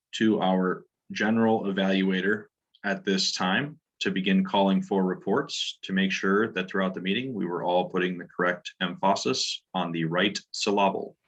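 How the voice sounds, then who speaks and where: A man's voice: low voice, steady tone, measured pace, a bit bright. A man hosting a club meeting, making formal, polite announcements over a video call. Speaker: meeting host. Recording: dull lo-fi video call audio.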